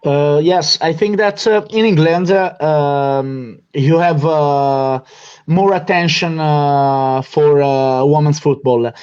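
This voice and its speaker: Slow, halting Italian-accented man. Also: a little high, steady tone, a little mellow, clean tone, highs cut off. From Italy. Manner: halting, many fillers, laughs easily. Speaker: fan club host. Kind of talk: hesitant live interview hosting.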